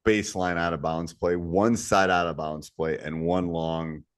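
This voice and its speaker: A man co-hosting a podcast about coaching youth basketball, talking in a relaxed, storytelling way with low asides. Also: a little slow, no echo, studio quality. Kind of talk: casual podcast chat.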